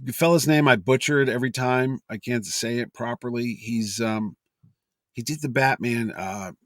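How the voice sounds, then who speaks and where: Animated man telling stories on a podcast. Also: mid-range voice, moderate pace, no room sound, clean studio sound. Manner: animated storyteller, acts out quotes, many fillers and restarts. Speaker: convention promoter, podcast guest. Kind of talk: casual storytelling chat.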